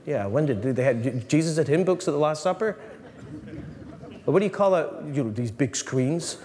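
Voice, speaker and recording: A man, a priest, giving an animated, joking talk to a live audience, often restarting his sentences. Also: fairly high pitch, normal speed. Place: large hall. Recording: long reverb in a hall, faint room noise.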